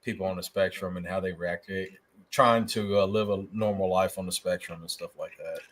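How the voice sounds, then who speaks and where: A man's voice: low-pitched, brisk. A man co-hosting a crypto talk show, chatting casually and laughing often. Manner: laughs a lot, loud and excitable. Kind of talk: casual chat.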